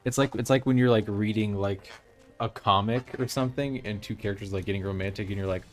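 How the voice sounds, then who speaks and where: A man's voice: fairly low pitch, steady tone, quick pace, soft background music. Chatty young man streaming a game. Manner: chatty, opinionated, rambling with restarts. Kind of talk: casual live-stream chat while playing.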